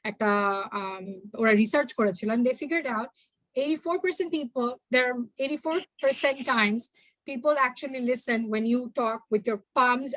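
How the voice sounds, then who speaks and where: A young woman giving a workshop talk, addressing the audience directly in an animated way. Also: fairly high pitch, no room sound. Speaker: workshop speaker. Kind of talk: workshop talk mixing two languages.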